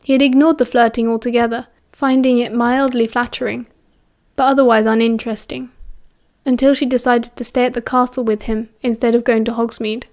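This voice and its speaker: A woman with a British accent narrating an audiobook in a steady, even storytelling voice. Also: on the high side, a little fast. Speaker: audiobook reader.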